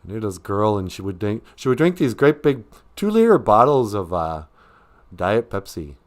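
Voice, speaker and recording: Older guy on a casual livestream, loose rambly talk, lots of joking and chuckles, pitch swinging up and down. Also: very animated, moderate pace. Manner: rambling, joking, laughs often. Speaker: host teaching Ojibwe. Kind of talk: casual live stream talk.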